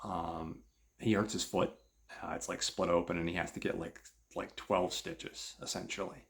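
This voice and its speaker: Male host, low gravelly voice, loose rambling film recap. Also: steady tone, normal speed. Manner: rambling, with many filler words. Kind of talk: casual film plot recap.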